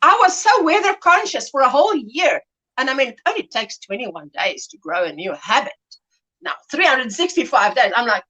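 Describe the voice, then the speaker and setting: A middle-aged woman chats on her livestream in a loose, rambling way, laughing often and acting out small scenes as she greets viewers. Her voice sits high, with a bright edge, and it swoops up and down. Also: wildly swooping pitch, normal speed, low-quality recording. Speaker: livestream host. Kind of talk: casual livestream chat.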